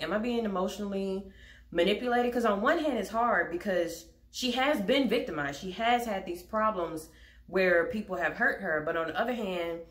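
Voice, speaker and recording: Low-voiced woman telling a candid story. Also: fairly bright tone. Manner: candid, rambling, talks to her dogs between thoughts. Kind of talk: casual storytelling vlog. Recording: echoey room.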